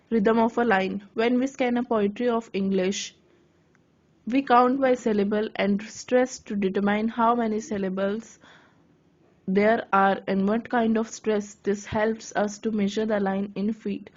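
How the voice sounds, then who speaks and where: Slow, halting woman reading a lecture. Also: medium pitch, a little mellow. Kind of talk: reading lecture notes aloud. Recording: dull lo-fi recording.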